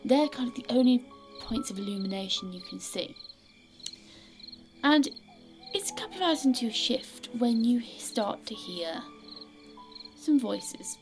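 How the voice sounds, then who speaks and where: A woman narrating a tabletop game as game master, dropping into a descriptive hush for suspense. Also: on the high side, lively intonation, a little slow, pauses often, faint music behind.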